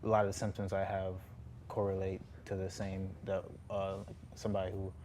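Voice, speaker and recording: A young man of about twenty, a former Marine guest on a talk show, speaking haltingly with many fillers and restarts. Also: sits low, completely flat delivery, darkish tone, slight background noise.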